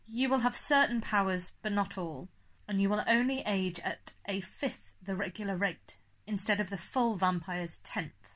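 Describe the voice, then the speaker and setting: A woman's voice: mid-range voice, normal speed, fairly bright tone, natural voice. A woman putting on a stern old male vampire. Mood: explaining. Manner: stiff, precise, no contractions. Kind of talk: audiobook reading.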